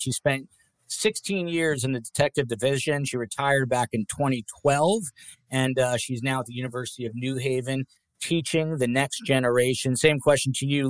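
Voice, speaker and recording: A man's voice: medium pitch, no room sound. Chatty male podcast host, dry sound. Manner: chatty, rambling asides while reading viewer comments. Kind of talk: live podcast panel hosting.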